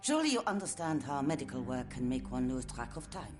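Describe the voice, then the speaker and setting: An actress playing a courteous but menacing asylum director with smooth, formal speech. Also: female voice, rumbling low, big pitch swings, fast talker. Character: silky, sinister asylum director. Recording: game music underneath.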